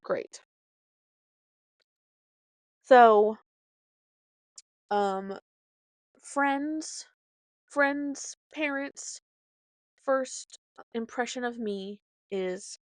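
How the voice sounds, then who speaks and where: A woman with a gravelly, mid-range voice hosts a podcast, telling a rambling, casual story peppered with side comments and self-corrections. She brings dramatic energy to the quoted dialogue, heard in a dry recording.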